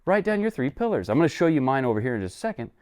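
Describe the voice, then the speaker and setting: A man's voice: medium pitch, sing-song, racing, darkish tone, clean tone. A man giving a casual, motivational business lesson to camera, talking conversationally and throwing in rhetorical questions and "okay?" checks. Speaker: online business coach.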